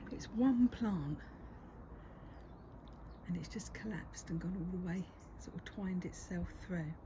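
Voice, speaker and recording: A woman's voice: lowish voice, background noise. An older woman gives a casual walk-and-talk garden tour. She is chatty and keeps dropping into a whisper. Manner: chatty, often drops to a whisper, coos at her cat. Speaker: gardening vlogger. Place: outdoors in a home garden.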